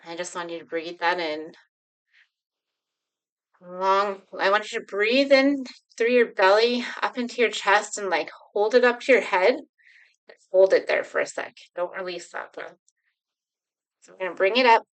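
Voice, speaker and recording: A woman leading a slow, soothing guided healing exercise, speaking directly to viewers from home. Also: mid-range voice, rough recording. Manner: slow, soothing, repetitive guidance. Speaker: healing coach.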